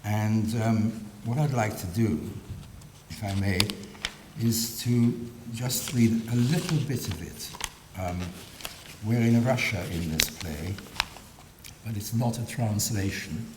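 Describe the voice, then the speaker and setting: Hesitant guy giving a lecture, lots of ums, dry humor, long hall reverb and a faint rumble. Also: slow pace, distant mic. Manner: hesitant, many ums, dry wry asides. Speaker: guest lecturer. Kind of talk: public lecture with read-aloud excerpts.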